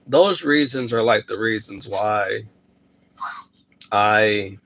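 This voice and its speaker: A man's voice: fairly low pitch, slow pace, creaky, fairly bright tone. A man, rambling in a casual vlog to his camera at home and often stopping to talk to his dog. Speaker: vlogger. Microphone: phone camera.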